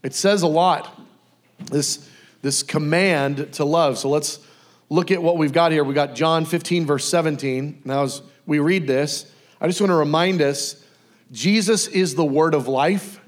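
Lively casual man preaching. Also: fairly high pitch, unhurried. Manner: casual, animated, acts out dialogue. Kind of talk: conversational sermon.

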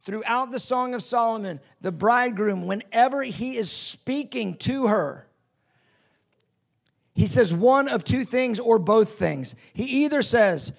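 A man preaching a sermon with passion, acting out quoted lines and swinging between loud declarations and hushed tones. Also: very high-pitched, expressive, unhurried, gravelly, husky.

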